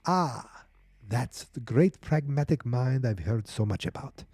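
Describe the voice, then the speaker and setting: A man's voice: medium pitch, lively intonation, measured pace, dark tone, breathy edge, dry recording, studio quality. A man voicing a cold, commanding woman who runs a secret prison lab, with a silky, menacing delivery.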